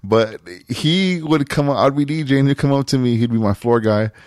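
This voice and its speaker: A man spinning a rowdy story in casual, slangy talk, animated and often laughing as he plays the others' lines. His voice sits at a middle pitch, recorded close and dry with no room around it. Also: normal speed, no echo. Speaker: former club DJ.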